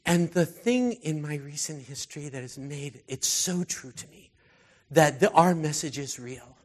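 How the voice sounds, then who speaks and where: A man with a fairly high voice preaches a sermon built on personal stories. He's earnest and heartfelt, often letting his voice fall soft and quiet.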